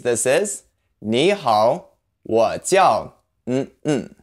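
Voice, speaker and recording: A man hosting a scripted language lesson who breaks down pronunciation slowly and carefully. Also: medium pitch. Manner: careful, drawn-out pronunciation demonstrations. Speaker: Chinese language teacher.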